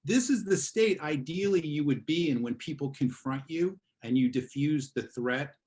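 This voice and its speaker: Casual male teacher lecturing over a video call, animated examples. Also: a little high, moderate pace. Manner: casual, acts out examples in voices. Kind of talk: online class lecture.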